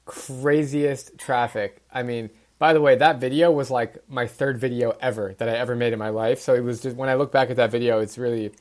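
A man's voice: medium pitch, steady tone, fairly quick, hardly any pauses, darkish tone. A man with an American accent hosting a podcast, asking questions in a friendly, enthusiastic way. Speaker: podcast host. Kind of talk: casual interview conversation.

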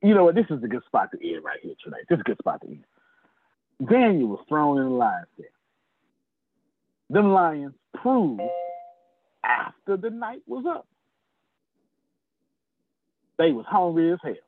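A man, preaching sales with a husky voice and pitch that swings wildly up and down. He talks straight to his listeners by name and curses freely. The sound is a tinny, phone-like, dry video call. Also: very animated, unhurried, pauses often, dry recording. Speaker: sales trainer. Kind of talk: animated preacher-like teaching.

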